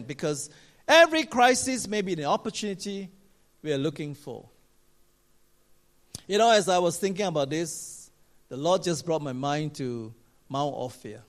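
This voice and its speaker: A man preaching a sermon, telling a story with many "you know" fillers and swinging between loud exclamations and quiet asides. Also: a little high, expressive, moderate pace, pauses often. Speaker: pastor.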